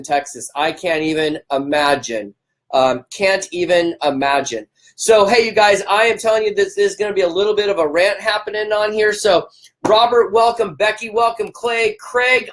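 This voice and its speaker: A man hosting a live stream, fired up and emphatic. He repeats himself for emphasis and greets viewers by name. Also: high voice. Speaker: livestream host.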